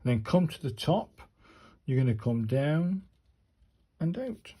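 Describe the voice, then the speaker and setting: Warm and animated, this medium-pitched male voice takes an unhurried pace. He gives a chatty, casual talk-through of handwriting practice for viewers, muttering to himself while he writes.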